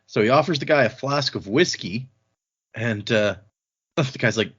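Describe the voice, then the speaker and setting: A man's voice: medium pitch, normal speed, fairly bright tone, husky. A man hosting a podcast, casually recapping book chapters, laughing often and slipping into voices for quotes. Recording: dull lo-fi sound.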